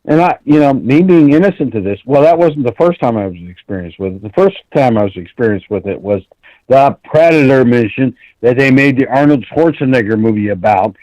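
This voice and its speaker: A man's voice: medium pitch, fairly quick, no echo, lo-fi sound. A man calling in to a talk show, telling a long story bluntly and with lots of swearing, acting out the quoted dialogue. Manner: blunt, profane, animated, acts out quoted dialogue. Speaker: caller.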